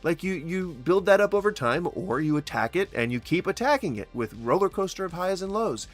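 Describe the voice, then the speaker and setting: A man's voice: high-pitched, expressive, brisk, faint music behind. A man commentating on video clips with mocking sarcasm, swearing and mimicking the people he reacts to. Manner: mocking, mimics others in taunting voices, swears.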